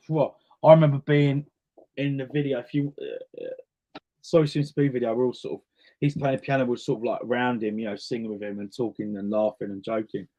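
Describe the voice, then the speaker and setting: A man's voice: mid-range voice, a little mellow. A man, talking casually as a guest in an interview and acting out the voices of the people in his stories. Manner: chatty storyteller, acts out quoted voices. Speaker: guest singer.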